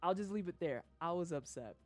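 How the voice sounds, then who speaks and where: Brief: woman streamer from St. Louis, profane animated rant, very expressive pitch. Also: fairly quick, soft background music. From St. Louis, USA. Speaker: livestreamer. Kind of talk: casual rant on a gaming stream.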